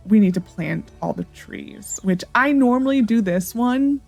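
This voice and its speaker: A woman's voice: mid-range voice, animated, normal speed, gravelly, few pauses, a little mellow, soft background music. A woman hosting a gaming channel, chatting casually and thinking aloud as she plays. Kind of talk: casual let's-play commentary.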